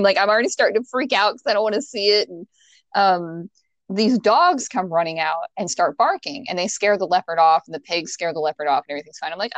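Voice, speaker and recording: A young adult woman co-hosting a podcast tells a story in casual chat, packed with fillers and the odd swear word. Her voice is fairly low and her pace moderate, with no room sound at all.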